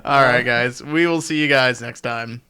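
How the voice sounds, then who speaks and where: A man's voice: medium pitch, normal speed, sharp tone, clean tone. A man hosting a casual fan podcast over a call, teasing his co-hosts in joking banter. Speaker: podcast host. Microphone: own mic on a voice call.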